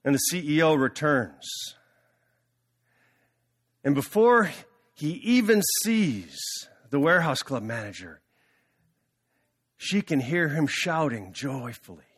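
A male pastor preaching a sermon, telling a story in an animated, dramatic way. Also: fairly high pitch, slow pace, pauses often, slightly rough.

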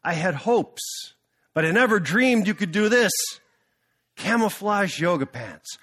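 A man playing a male CEO who proclaims and shouts, loud and forceful. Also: high-pitched, animated, measured pace, exaggerated voice. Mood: praising. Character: booming male CEO, jubilant then furious.

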